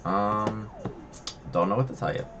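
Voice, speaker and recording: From his home desk, a man hosts a casual trading livestream, rambling and chatty with plenty of fillers. His voice sits on the low side with fairly even intonation and an unhurried pace, and the dull audio plays over music.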